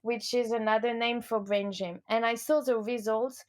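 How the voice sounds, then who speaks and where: A woman in her thirties with a French accent, speaking as an interview guest, earnest and upbeat, with frequent pauses and fillers. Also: a little high, fairly even intonation. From France. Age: 30s. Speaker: guest, educational kinesiology coach. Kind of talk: casual interview conversation.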